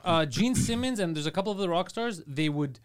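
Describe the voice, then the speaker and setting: A man's voice: high-pitched, animated, a little fast, clear, resonant tone. Crude rambling man on a podcast. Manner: profane, rambling, trails off searching for names. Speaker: podcast co-host. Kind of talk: crude casual chat.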